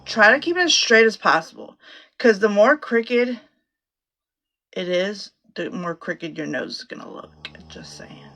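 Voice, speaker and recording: Middle-aged woman, makeup tutorial, rambling casual chat, gravelly voice, small closet. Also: mid-range voice, a bit bright. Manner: rambling, chatty, swears freely. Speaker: makeup vlogger. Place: small home office closet.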